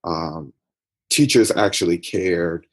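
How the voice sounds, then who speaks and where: Guy with a husky lowish voice, guest on a podcast, reflective storytelling, lots of um and you know. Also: takes it slowly. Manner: reflective, personal storytelling with frequent fillers. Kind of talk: interview storytelling.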